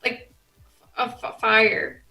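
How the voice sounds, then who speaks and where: Bright-voiced playful woman player. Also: very slow, faint music behind, poor audio. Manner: giggly, hesitant, playful. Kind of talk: casual tabletop play.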